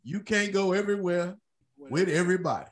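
A man's voice: sits high, lively intonation, a little fast. A man hosting a podcast, brash and teasing, swearing freely in casual chat. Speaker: podcast host.

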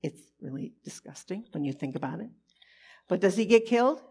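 A woman teaching a conversational Bible lesson, animated and expressive, often asking her listeners rhetorical questions. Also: lowish voice, a little fast, creaky.

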